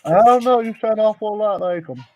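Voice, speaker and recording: A man's voice: sits high, lively intonation, quick pace, darkish tone, a little hiss or hum. A man hosting a casual online panel, teasing and swearing freely. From United States. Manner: teasing, profane. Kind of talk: casual group chat. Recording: muffled, dull online audio.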